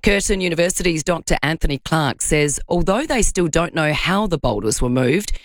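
An Australian woman presents the radio news in a measured, formal delivery. Her voice sits low, and the studio sound is dry and close. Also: expressive, dry recording.

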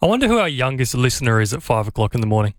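A man's voice: medium pitch, sing-song, very fast, no room sound. Wry breakfast radio host, man. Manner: dry, wry, matter-of-fact.

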